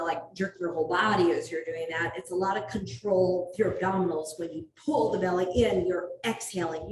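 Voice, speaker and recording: A woman yoga instructor talks a class through breathing and poses in a calm, steady voice, now and then laughing at her own asides. She sounds set back from the mic in a roomy studio with reverb. A faint hum of ambience sits underneath. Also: mid-range voice. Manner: calm cueing with light self-laughing asides. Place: athletic club studio. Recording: roomy echo from far off, faint ambient noise.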